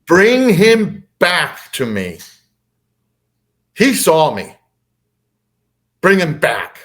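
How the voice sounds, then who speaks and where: A man putting on the voice of an ancient, commanding mantis alien ruler, giving slow booming orders. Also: huge pitch swings, fairly bright tone, exaggerated voice.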